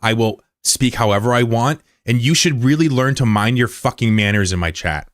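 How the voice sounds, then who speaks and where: A man's voice: medium pitch, moderate pace, dry recording, clean studio sound. A man livestreaming, talking casually to his chat and bluntly, heatedly scolding a viewer. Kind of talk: casual live-stream talk to chat.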